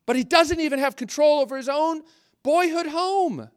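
High-voiced man preaching a sermon. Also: moderate pace, no room sound, studio quality. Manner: conversational and earnest, with frequent restarts and asides.

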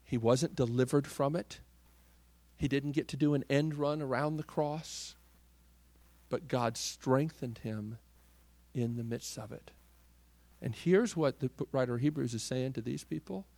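A man preaching a sermon, swinging from loud, forceful declarations to hushed, near-whispered lines. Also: medium pitch, a little slow, creaky, no room sound. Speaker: pastor.

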